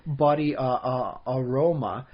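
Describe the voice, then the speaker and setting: Male podcast co-host, playful casual chat, mid pitch, lo-fi recording. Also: unhurried. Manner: playful, acts out mock quotes in put-on voices. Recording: dull lo-fi sound.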